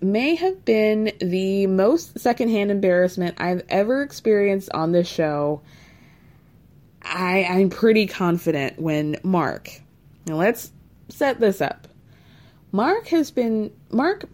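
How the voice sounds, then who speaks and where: A woman with a medium-pitched voice hosts a casual reality show recap, chatting with her viewers in an animated, gossipy way and laughing often.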